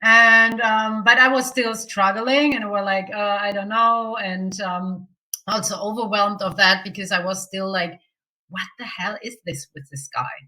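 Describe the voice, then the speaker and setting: Bright-voiced woman telling a story. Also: mid-range voice, measured pace, low-quality recording. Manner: animated, acts out quoted dialogue, many "I was like" asides; loose, non-standard grammar with many fillers. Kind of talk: casual personal storytelling in an interview.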